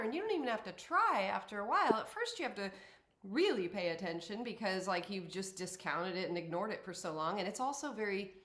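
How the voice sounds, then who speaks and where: A woman hosting an interview, affirming her guest and talking with animation. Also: medium pitch. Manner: warm, affirming, animated when acting out inner voices. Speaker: host. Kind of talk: conversational interview. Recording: echoey room.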